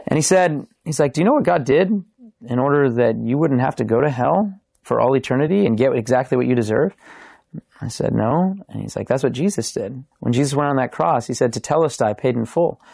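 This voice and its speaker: A young man, a podcast guest, telling his faith testimony in a casual, animated way, acting out the lines of the people in his story. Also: medium pitch, brisk, vocal fry, no room sound, clean studio sound. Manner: animated, acts out quoted dialogue.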